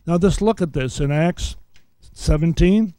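A man teaching a seminary Bible lesson, reading scripture aloud and explaining it point by point. He talks with a preacher's cadence and slows down on key words. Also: a little high, mellow, no room sound.

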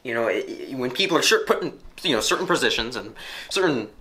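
A man rambling off-script for a comedy sketch, halting with fillers and restarts. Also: medium pitch, animated, bright, forceful tone, slight background noise. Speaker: comedy performer. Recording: echoey room.

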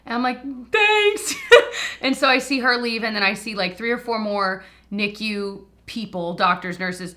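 Bright-voiced chatty woman. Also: mid-range voice. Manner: chatty, emotional, laughs often. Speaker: lifestyle vlogger. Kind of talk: casual storytelling while doing makeup.

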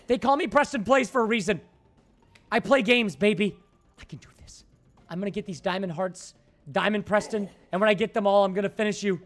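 A man commentating his own game on a livestream, excitable and jokey, shouting when frustrated. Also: high voice. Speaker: gaming livestreamer. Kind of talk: casual gaming livestream commentary.

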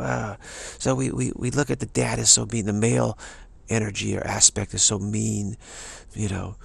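Gravelly-voiced man giving a spiritual talk. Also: lowish voice, level tone, moderate pace, few pauses, dry recording. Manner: emphatic, repetitive, many restarts. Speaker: spiritual teacher.

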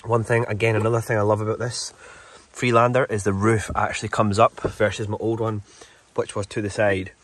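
A young Scottish vlogger chats casually while car camping outdoors by a loch, rambling in an easygoing way. His voice is on the low side, flat, and a little fast, with no echo.

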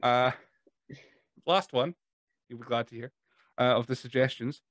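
A man's voice: mid-range voice, unhurried, fairly bright tone, dry recording, studio quality. A Scottish man hosting a podcast, chatting loosely and often laughing. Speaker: podcast host. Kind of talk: casual podcast chat.

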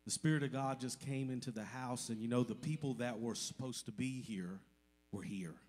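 A man with a husky, slightly breathy voice stands before his congregation and gives a heartfelt testimony. He speaks with emotion and deep gratitude, from the heart. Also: moderate pace, darkish tone, soft background music. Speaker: church member addressing the congregation. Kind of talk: heartfelt testimony in a church service.

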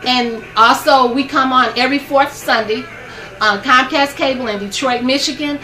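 A woman's voice: sits high, normal speed, pushed and bright, roomy sound, recorded from a distance, soft background music. An older woman hosting a gospel program from her home, giving a fervent, preachy devotional talk to camera and laughing often.

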